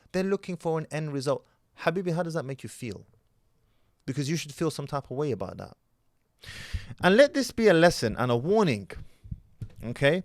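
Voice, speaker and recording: A man's voice: on the high side, dry recording, clean studio sound. A man giving opinionated commentary, lecturing emphatically with rhetorical questions and the odd Arabic word. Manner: scattered Arabic words in his speech. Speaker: online commentator.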